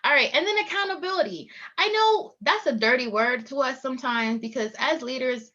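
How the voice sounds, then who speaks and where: A woman speaking at an online leadership conference, talking in a lively way and laughing often. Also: high voice, fairly quick, dull audio. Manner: lively, laughing, animated storytelling. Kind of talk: live online presentation.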